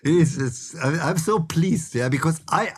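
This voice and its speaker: A man's voice: on the high side, expressive, normal speed, breathy edge. A man with a German accent, talking casually as a guest producer in an interview, laughing often and restarting his sentences.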